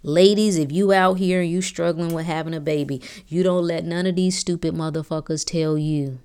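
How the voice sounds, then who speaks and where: A woman's voice: fairly low pitch, fairly even intonation, moderate pace, dark tone, smooth. A woman hosting a podcast, giving a blunt, preachy, profane motivational monologue that climbs to fervent emphasis. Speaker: podcast host.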